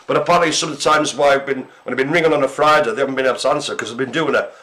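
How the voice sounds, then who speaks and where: A male co-host of a live care-centre broadcast chats very fast in a sharp, mid-range voice. He tells jokey stories casually, leaning on lots of fillers.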